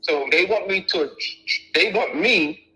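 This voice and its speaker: An emphatic man with a fairly high, bright, forceful voice answers audience questions like a teacher. He repeats words for stress and restarts his sentences often. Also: a little slow, husky, poor audio. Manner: emphatic, repetitive, lots of restarts. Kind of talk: lecture Q&A.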